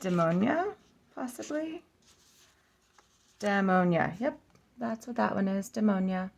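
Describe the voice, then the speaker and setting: Slow, gravelly woman sounding out names. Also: medium pitch, lively intonation. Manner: sounding out names aloud, self-correcting; musing, giggly asides. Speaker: oracle deck reviewer. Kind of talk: casual flip-through vlog.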